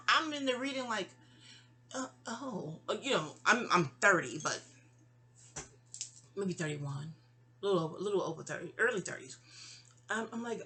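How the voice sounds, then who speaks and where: A woman's voice: medium pitch, normal speed, a bit bright. A woman telling a personal story in a rambling way, full of stammering restarts and asides to her listeners. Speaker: memoir storyteller.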